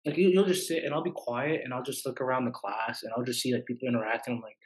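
A woman with a strikingly deep, low voice hosts a casual podcast chat. She is easygoing and agreeable, and she fills the gaps with short nods of agreement. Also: fairly even intonation, quick pace, low-quality recording.

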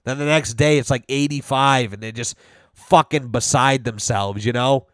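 A man's voice: medium pitch, measured pace, no echo, clean studio sound. A man ranting bluntly and sarcastically as a podcast host, swearing constantly. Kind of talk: casual profane rant.

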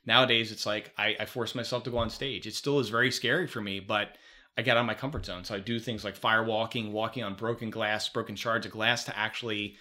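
A middle-aged man, a life coach, talking as a podcast guest in an energetic, emphatic way. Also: fairly low pitch, quick pace. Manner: energetic, emphatic storyteller, repeats mantras. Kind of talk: casual podcast chat.

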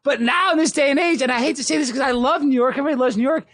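High-pitched texas guy hosting, excitable, stumbly, dry sound. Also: racing, dry recording. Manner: excitable, animated, stumbling repeats. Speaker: podcast host. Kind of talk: casual podcast chat.

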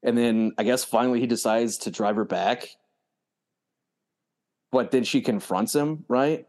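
A man co-hosting a casual TV recap chat, relaxed and quoting characters as he goes. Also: medium pitch, measured pace. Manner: laid-back, quotes characters. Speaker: podcast co-host.

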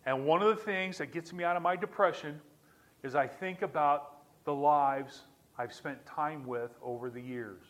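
A man's voice: fairly high pitch, normal speed, fairly bright tone. Earnest middle-aged male pastor preaching. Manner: earnest, repeats key lines for emphasis. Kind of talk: sermon.

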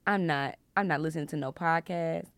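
Young female podcast host, playful Bible teacher, lower voice with some fry. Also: a little fast, no echo. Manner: animated, laughs loudly and often, playful preacher tone.

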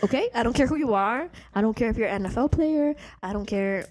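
Animated woman telling party stories. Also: on the high side, quick pace. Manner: animated, swings into loud quoted outbursts and drops into whispers. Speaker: podcast co-host. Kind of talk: casual storytelling chat.

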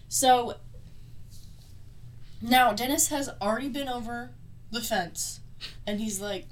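A woman's voice: fairly high pitch, slow pace, pauses often, slight background noise. A woman hosting a casual true-crime podcast, swearing constantly and mocking the killer with frequent laughter. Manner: profane, mocking, laughs often. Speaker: podcast host.

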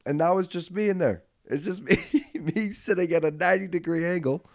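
A man hosting a podcast, telling a comedic story in casual chat. He swears freely, laughs as he goes, and swings from low mutters to loud outbursts on a studio mic. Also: fairly quick, dry recording. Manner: animated, swings from mutters to yelling. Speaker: podcast host.

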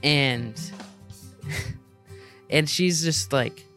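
A man's voice: fairly high pitch, extremely slow, soft background music. A young man co-hosting a podcast, telling a personal story casually and acting out bits of dialogue. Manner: animated storyteller, acts out dialogue. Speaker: podcast co-host.

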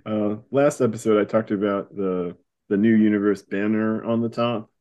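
A man co-hosting a casual comics podcast, chatting in quick, wry bursts. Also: lowish voice, fairly even intonation, dark tone, dull audio. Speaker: podcast co-host. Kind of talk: casual chat.

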